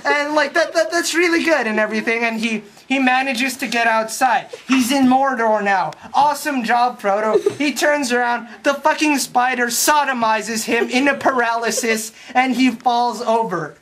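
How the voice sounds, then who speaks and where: A young adult giving a crude, sarcastic recap of a film plot, swearing often and rambling with quick restarts. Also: mid-range voice, a bit bright. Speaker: comedic movie recapper. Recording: faint background noise and clicks.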